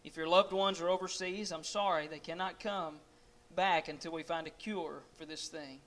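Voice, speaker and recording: A man voicing a national leader giving a formal emergency address in a measured way. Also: on the high side, fairly even intonation, a bit bright, a little hiss or hum, lightly acted. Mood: solemn.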